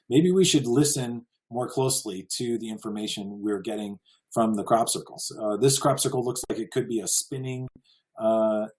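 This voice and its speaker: A man's voice: medium pitch, darkish tone, poor audio. An American man giving a casual slideshow lecture, earnest and full of wonder, chuckling now and then. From United States. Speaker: presenter.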